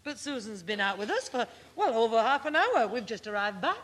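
A woman's voice: fairly high pitch, sing-song, a little fast, a bit bright. An actress playing a patient, placating mother in an old radio sitcom. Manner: placating, firm. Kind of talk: 1950s radio sitcom acting.

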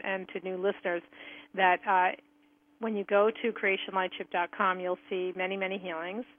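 Woman host on a tinny phone line. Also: mid-range voice. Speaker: radio show host. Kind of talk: hosting a phone-in talk show.

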